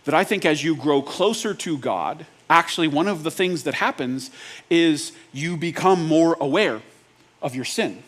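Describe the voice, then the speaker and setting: A man preaches in a relaxed, conversational manner, mixing jokes into his points. He keeps checking in with his listeners through quick rhetorical questions. His voice sits somewhat high for a man. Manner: casual, joking and conversational; asks the audience rhetorical check-ins. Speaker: pastor. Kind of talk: sermon.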